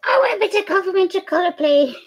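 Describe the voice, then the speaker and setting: A woman's voice: very high-pitched, animated, fast, lo-fi sound, voice pushed up. Woman voicing a cheeky naughty puppy. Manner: cheeky, boyish first-person voicing. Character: mischievous young male puppy, restless and naughty. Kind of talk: playful pet voice in a livestream.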